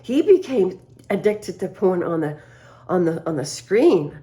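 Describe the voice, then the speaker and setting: A woman's voice: fairly low pitch, sing-song, a little slow, dark tone. A woman vlogger telling a personal story to her viewers in a casual way, laughing often between lines and acting out what people said. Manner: confiding, speaks straight to viewers.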